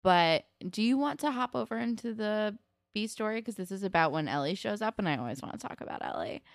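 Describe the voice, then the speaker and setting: A young woman casually recapping a TV episode, chatty and quick to swear, acting out characters' lines. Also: mid-range voice, animated, creaky, no room sound, studio quality. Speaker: podcast co-host.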